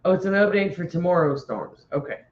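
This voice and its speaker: A man's voice: high voice, lively intonation, fairly quick. A man co-hosting a livestream in easygoing, laugh-filled chat. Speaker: livestream co-host. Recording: roomy, dull home audio with faint noise.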